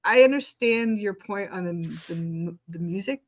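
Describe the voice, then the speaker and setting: A woman's voice: mid-range voice, normal speed. Blunt, swearing woman on a muffled mic. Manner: blunt, swears freely, frequent backchannels. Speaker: podcast co-host, film reviewer. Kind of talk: casual chat.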